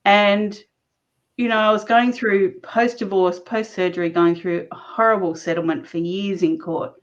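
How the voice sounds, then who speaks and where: A woman guest recounting her own story in conversation, animated and laughing often as she talks. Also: mid-range voice, moderate pace. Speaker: interview guest. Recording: dull lo-fi recording.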